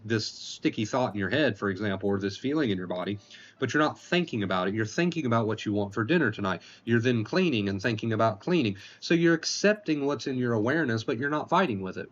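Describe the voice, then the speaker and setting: A man hosting a livestream as an anxiety recovery coach, explaining points slowly and often repeating himself while reading chat aloud. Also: mid-range voice, dull audio. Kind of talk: casual livestream advice talk.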